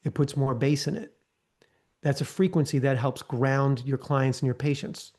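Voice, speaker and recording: This man speaks at a moderate pace in a medium, slightly mellow voice, captured over a video call. He's leading a live online training, coaching casually and frequently asking "okay?" or "right?"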